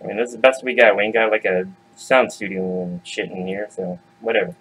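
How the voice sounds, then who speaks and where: Man, comic storyteller, relaxed, slangy, direct to listeners. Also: on the low side, fairly quick, slight background noise, low-quality recording. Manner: laid-back, slangy, talks to audience.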